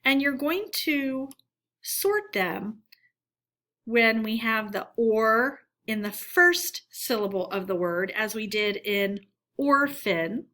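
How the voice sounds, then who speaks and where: A woman teacher talking to young children in a recorded phonics lesson. She speaks very slowly and deliberately, pausing on each word so kids can repeat it. Her voice is bright and clear, set a little high. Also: expressive.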